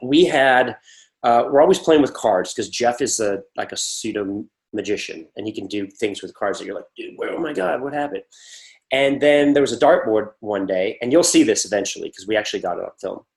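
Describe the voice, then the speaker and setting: A man with a somewhat low voice chats through an interview. He rambles, restarts and acts out little quoted exchanges while telling stories about work and friends. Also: a little fast. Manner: rambling, animated storytelling with acted-out quotes. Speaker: actor guest. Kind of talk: casual interview talk.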